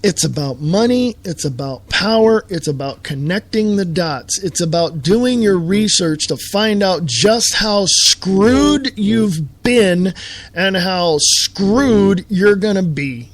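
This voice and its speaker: A man's voice: sits high, animated, takes it slowly. A man hosting a live show, delivering a heated, sarcastic political rant full of rhetorical questions.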